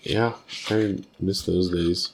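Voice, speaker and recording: A man's voice: deep voice, steady tone, a little hiss or hum. A man co-hosting a podcast in casual chat, firing off questions and teasing his partner. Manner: teasing, quick-fire questioning. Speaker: podcast co-host.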